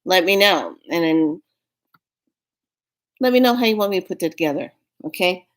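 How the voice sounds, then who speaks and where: A woman chatting straight to her viewers about spiritual practice. She sounds playful and affectionate, laughs easily and often, and closes with warm sign-offs. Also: lowish voice, animated, normal speed. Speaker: spiritual vlogger. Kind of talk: casual spiritual chat to viewers.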